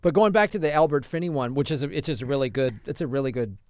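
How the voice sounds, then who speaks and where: A man's voice: medium pitch, fast talker, darkish tone. A man co-hosting a podcast, chatting casually about films and telling rambling stories with many restarts. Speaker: podcast co-host. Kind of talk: casual film chat.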